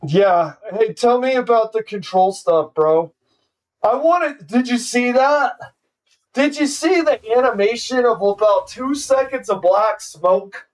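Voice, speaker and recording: High-voiced man ranting at a card game. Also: measured pace, distant mic. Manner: ranting, profane trash talk at the opponent. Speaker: streamer. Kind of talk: live gameplay commentary.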